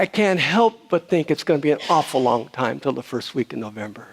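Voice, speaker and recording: A man's voice: mid-range voice, gravelly. A man giving a conversational sermon to a room of about seventy people, telling a story in an easygoing way, with fillers and restarts. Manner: storytelling, easygoing, with fillers and restarts, rising loud when retelling shouting. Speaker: speaker at a spiritual community.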